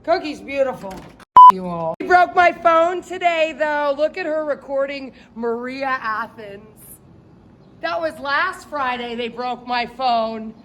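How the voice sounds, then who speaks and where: High voiced lady livestreaming on the street at night, rambly and over the top, bit of noise behind. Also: expressive, lo-fi sound. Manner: flamboyant, rambling, quick topic jumps. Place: outdoors on a downtown city street at night.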